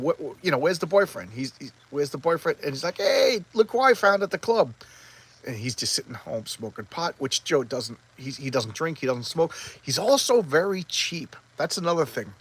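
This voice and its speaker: A man's voice: medium pitch, husky. A man casually recapping a comic, rambling and acting out the characters' lines. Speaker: comic book reviewer.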